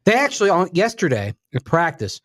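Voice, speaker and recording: A man's voice: high voice, huge pitch swings, a little fast, fairly bright tone, dry recording, clean studio sound. A man co-hosting a sports radio show, breaking down the team in an analytical, emphatic way. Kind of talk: casual sports talk.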